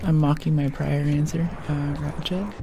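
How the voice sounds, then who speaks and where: A woman from the United States streaming a game in a soft-spoken ASMR style, rambling playfully and often dropping to a whisper. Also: low-pitched, fairly even intonation, normal speed, noisy background.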